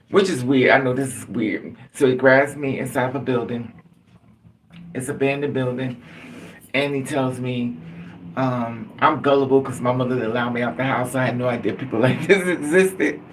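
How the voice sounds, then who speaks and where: A man's voice: mid-range voice, vocal fry, a little hiss or hum. A man hosting a live stream, telling personal stories in a rambling, chuckling way and often restarting his phrases. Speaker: livestream host. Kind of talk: casual storytelling to a live audience. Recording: distant mic.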